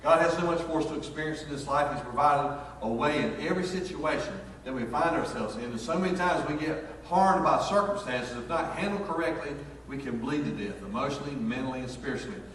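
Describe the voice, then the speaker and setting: Man, pastor, folksy storytelling sermon, higher voice, distant mic, echoey church hall. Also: a little fast, few pauses, fairly bright tone, a little hiss or hum. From North Carolina, USA. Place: church sanctuary. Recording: echoey hall, picked up from far off.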